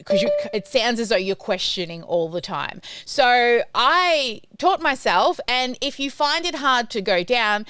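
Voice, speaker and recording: A woman's voice: a little high, animated, unhurried, few pauses, pushed and bright, clean tone, no room sound. A woman coaching a group on a live video call, encouraging and direct, chatting with plenty of fillers. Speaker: online business coach.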